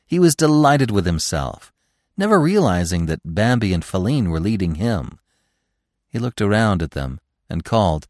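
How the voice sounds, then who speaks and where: A male narrator reads a classic story in an expressive, measured style. His voice is low but moves freely through its range. The recording is dry and close. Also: no echo.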